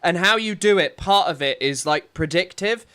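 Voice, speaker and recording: A man's voice: sits high, lively intonation, moderate pace, sharp tone, smooth. A young man, rambling and sarcastic in casual live-stream commentary, full of restarts and fillers. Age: young adult.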